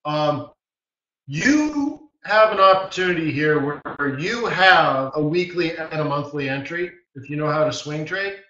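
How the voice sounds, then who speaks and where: A man's voice: fairly high pitch, expressive, a little slow, bright, forceful tone. A man hosting a live trading webinar, teaching in a blunt, emphatic way with short repeated commands. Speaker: forex market strategist hosting a live webinar. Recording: roomy, distant, dull-sounding mic.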